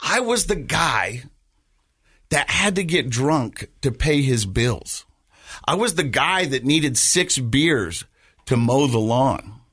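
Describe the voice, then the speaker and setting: Husky-voiced man telling a story haltingly. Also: medium pitch, lively intonation, fairly bright tone, no room sound, studio quality. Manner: halting, repeats words while telling, laughs through lighter moments. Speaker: podcast host. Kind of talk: personal storytelling in casual chat.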